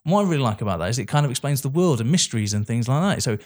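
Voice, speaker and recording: A man in casual film chat, excitable and sweary, laughing often. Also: medium pitch, racing.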